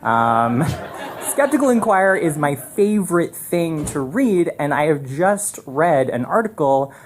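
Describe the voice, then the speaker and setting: A man tells a story on a live stage through a microphone, his delivery animated and rambling. He circles back with restarts and fillers as he builds the scene, in a loose, spoken style rather than a polished read. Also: on the high side, measured pace, a little hiss or hum.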